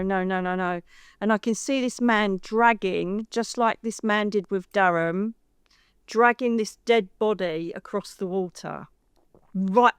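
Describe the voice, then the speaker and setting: English woman, middle-aged, animated storyteller, clear smooth voice, close dry sound, acts out quoted lines. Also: mid-range voice, dry recording. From United Kingdom. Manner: lively, acts out quoted voices, says "darling". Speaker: psychic medium guest.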